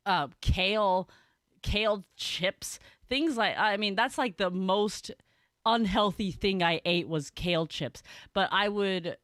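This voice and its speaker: A woman's voice: medium pitch, a bit bright, clean tone, no room sound, studio quality. A young woman in casual chat, telling a story in a chatty way with many fillers and frequent laughter.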